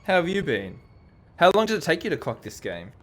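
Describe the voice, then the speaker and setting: A man's voice: on the high side, big pitch swings, brisk. A man chatting casually to viewers while streaming a game, talking freely and laughing often. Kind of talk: casual live-stream chat.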